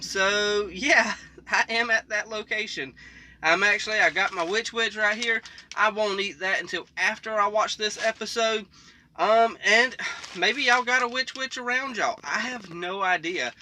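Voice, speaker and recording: A man with a high, very bright voice, rambling casually as he hosts a reaction video. He chuckles often and talks from the back of a parked semi truck cab. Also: a little hiss or hum.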